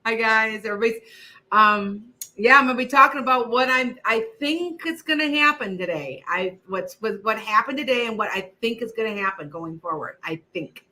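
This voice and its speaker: A woman's voice: on the high side, moderate pace, pushed and bright. An older woman, a retired teacher, hosting a casual livestream and chatting in a rambling way, restarting her sentences often. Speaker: psychic livestream host.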